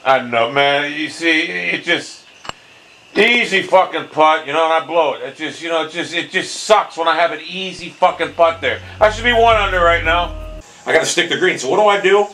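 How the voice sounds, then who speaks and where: A man commentating his own golf video game play, swearing constantly and bursting into frustrated shouts. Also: on the high side, moderate pace, soft background music, rough recording. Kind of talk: casual gameplay commentary.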